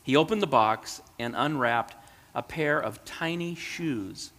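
A storybook is being read aloud by a man whose voice sits mid-range and stays gentle and unhurried. Each phrase is followed by a lingering hall reverb.

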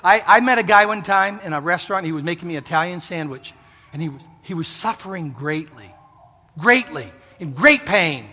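A middle-aged man with a high-pitched, pushed, bright voice preaches a sermon at a moderate pace, his intonation lively. He tells stories and pleads earnestly with the congregation, mixing in laughs. The long reverb of a hall surrounds the recording.

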